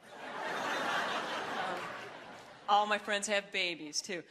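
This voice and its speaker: A young woman doing a stand-up comedy set, talking in a wry, chatty way and breaking into high, shrill voices for the people she acts out. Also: drawn-out words, heavy background noise. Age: young adult. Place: comedy stage before a live audience. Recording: live club set with audience laughter.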